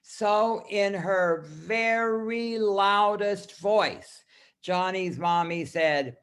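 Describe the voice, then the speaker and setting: A man teaching other teachers over a video call, telling a children's story song in a slow, sing-song way and leading the group to sing along. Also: high voice, a bit bright, clear, resonant tone. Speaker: teacher trainer.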